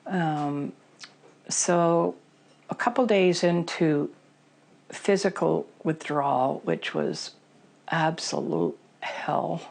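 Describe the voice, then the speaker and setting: A woman's voice: low voice, extremely slow, gravelly, long pauses, darkish tone. A middle-aged woman telling her personal recovery story in an interview, candid and emotional, with many fillers.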